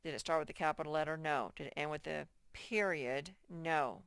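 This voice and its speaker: Woman, first-grade teacher, slow patient delivery, smooth clear voice, dry close recording. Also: sits low, a bit bright, no echo. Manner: slow, patient, repeats key points, reads examples aloud very slowly. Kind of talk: recorded workbook lesson for children.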